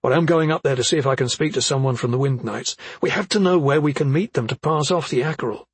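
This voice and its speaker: A man's voice: mid-range voice, quick pace, breathy edge, no room sound, pitched above the performer's own voice. A man reading an audiobook, voicing an earnest, determined young man who explains his plans plainly. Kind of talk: audiobook character voice.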